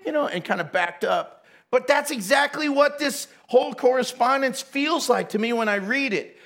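A man's voice: very high-pitched, moderate pace, fairly bright tone. A man giving a casual, playful sermon, often laughing and acting out the voices of the people in the story. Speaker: preacher.

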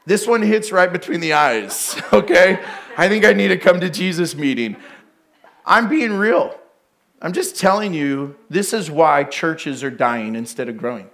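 A man's voice: high voice, animated, unhurried, a bit bright. A middle-aged male pastor preaching a sermon, telling candid, self-deprecating stories with bursts of laughter.

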